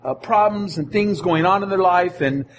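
Man, pastor, sermon, high voice, earnest, repeats himself. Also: moderate pace, a little hiss or hum. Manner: earnest, repeats phrases while preaching.

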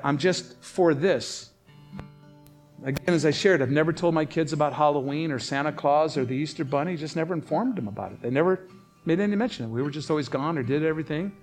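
A man delivers a sermon in a voice that sits a bit higher than most men's. He tells stories with lively energy, jumping up in pitch to act out the people he quotes. Faint guitar plays softly beneath him. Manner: animated storytelling, voices rising sharply for quoted people. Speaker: pastor.

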